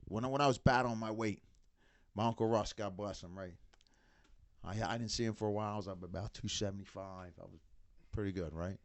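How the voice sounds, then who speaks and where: A middle-aged man in casual podcast chat, an animated storyteller who acts out what others said. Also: on the low side, brisk, dry recording. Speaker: band member, father of bandmates.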